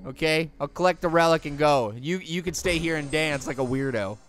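A man voicing a cocky, hyper talking pear who brags about his gaming skills while playing a video game, slangy and prone to high squealing screams. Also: fairly quick, a bit bright, natural voice. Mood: chatty. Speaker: game commentator. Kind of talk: let's-play cartoon commentary.

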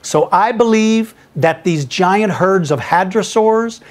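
Middle-aged male podcast host; enthusiastic, chatty, quick to laugh. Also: high-pitched. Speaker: podcast host answering listener questions. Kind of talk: casual Q&A chat, reading emails aloud.

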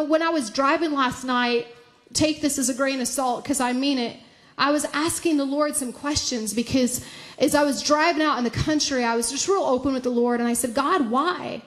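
A high-pitched middle-aged woman preaches a sermon. She is animated and laughs along the way, and her voice climbs even higher when she acts out talking to God. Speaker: pastor.

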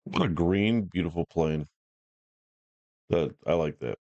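A man with a very low, deep voice gives relaxed, joking commentary as he tries out software. His talk is casual and full of slang. The sound is dry and close, with no room echo. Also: a little slow, highs cut off. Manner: laid-back, joking, slangy. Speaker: YouTuber trying out software.

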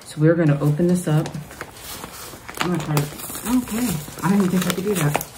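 A woman vlogger opening fan mail, gushing and excited as she talks straight to her viewers. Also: on the low side, moderate pace, background noise. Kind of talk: casual mail-opening vlog.

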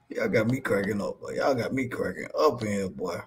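A man co-hosting a live stream in casual chat, laughing and teasing as he reads out viewer comments and ends lines with "boy". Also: on the low side. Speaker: co-host of a wrestling live stream.

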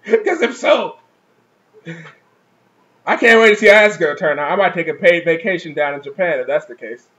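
A man with a high-pitched voice gives a casual, comic review, mocking and swearing freely. The recording is dull and lo-fi. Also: lively intonation, moderate pace, long pauses, pushed and bright. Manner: profane, mocking, laughs often. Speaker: manga reviewer.

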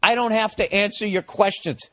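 A comedian in his forties from America, telling a story in an animated, exasperated way, swearing constantly. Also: high voice, moderate pace, no echo, clean studio sound. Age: 40s. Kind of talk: profane comic storytelling.

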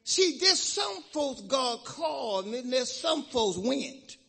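A man preaching to his congregation in a high, husky voice. He is emphatic, rising to shouts and then dropping to hushed prayer. His tone is sharp and forceful. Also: very animated, takes it slowly. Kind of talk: call-and-response sermon and prayer. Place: church sanctuary.

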